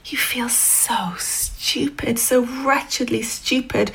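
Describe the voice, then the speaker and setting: A woman narrating a story in the second person, in a hushed, intimate way that often sinks toward a whisper. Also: medium pitch, steady tone, moderate pace, poor audio.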